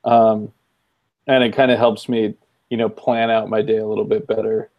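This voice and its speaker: A man co-hosting a casual chat, relaxed and measured, with many ums, wearing headphones. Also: lowish voice, no echo, highs cut off. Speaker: co-host.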